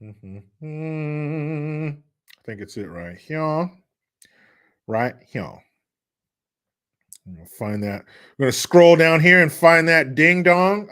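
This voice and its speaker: A man's voice: a little high, lively intonation, slow pace, long pauses, fairly bright tone, clean tone. A man hosting a podcast, ranting in a crude, mocking, profane way and laughing scornfully. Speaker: podcast host. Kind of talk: solo commentary rant.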